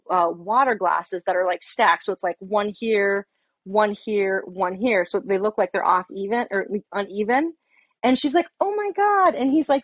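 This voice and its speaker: With a mid-range voice and an echo-free recording, this middle-aged woman, a police officer, shares a story in relaxed talk, cursing and animatedly voicing heated quotes.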